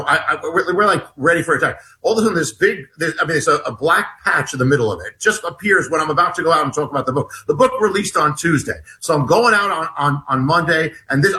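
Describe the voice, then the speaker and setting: Speaking as a guest author, this man has a fairly high, bright and forceful voice. His lively interview story keeps stopping and starting again, and he performs each character's lines.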